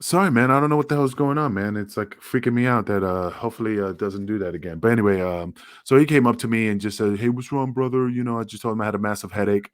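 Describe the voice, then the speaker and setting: A man's voice: steady tone, fast talker, hardly any pauses, no echo, studio quality. A man, a former wrestler, telling rambling, profane stories in a casual podcast chat. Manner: profane, rambling, acts out quotes in a higher voice.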